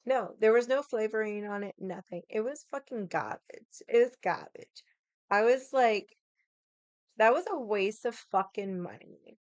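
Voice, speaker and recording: A woman's voice: medium pitch, unhurried, a little mellow, no echo. A woman in her forties with a Boston accent, ranting casually and bluntly to camera with heavy swearing and indignation. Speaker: vlogger.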